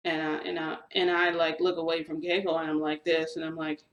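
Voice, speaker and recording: A woman's voice: deep voice, a little fast, roomy sound, muffled recording. A young woman casually telling a long story to her viewers, acting out quoted dialogue as she goes. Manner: chatty, animated retelling with quoted dialogue. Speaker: vlogger telling a shifting story.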